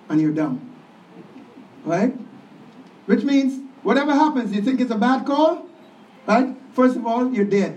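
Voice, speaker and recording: High-voiced preacher in a roomy hall. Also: male voice, darkish tone. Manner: emphatic, call-and-response with congregation. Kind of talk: sermon. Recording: roomy, distant, dull church sound.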